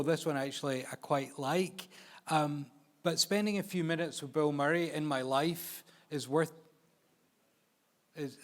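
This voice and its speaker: Man, New York accent, expo stage presenter, storytelling, acts out voices, slightly higher voice. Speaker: photographer presenting a live shoot. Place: expo stage before an audience.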